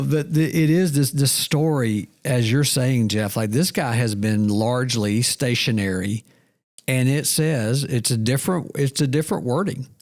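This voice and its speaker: Male co-host, medium pitch, reflective and self-deprecating storyteller, casual faith talk. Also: normal speed. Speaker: podcast co-host.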